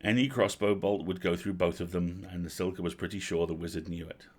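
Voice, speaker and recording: A man reading a dark fantasy novel aloud on a livestream, in a steady, measured storytelling manner. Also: low voice.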